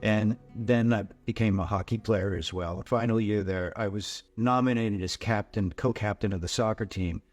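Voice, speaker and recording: An older man with a somewhat low voice tells his own life story as testimony. He speaks haltingly, stumbling and repeating words as he works through hard memories, while soft music plays faintly underneath. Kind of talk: personal testimony.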